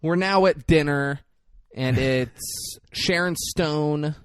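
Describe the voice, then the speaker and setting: A man's voice: on the high side, slow, smooth, dry recording. A man co-hosting a podcast, chatting casually and retelling movie scenes with swearing and bursts of energy. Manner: animated retelling, profanity, acts out scenes. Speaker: podcast co-host. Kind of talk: casual movie-review chat.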